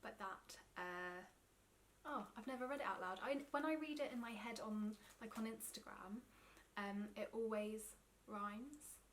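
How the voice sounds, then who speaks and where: A young English woman, a knitting vlogger, chats casually to camera about her favourite knitting vlogs, enthusiastic and full of ums and side notes. Her fairly high, fairly bright voice is unhurried, with slight background noise.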